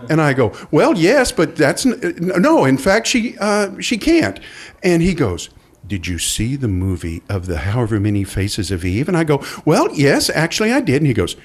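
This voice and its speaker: A middle-aged man recounts a personal story in a storytelling style. His pitch leaps and dips as he acts out the people he quotes, which keeps the telling lively. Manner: animated, acts out quoted voices. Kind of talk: live storytelling.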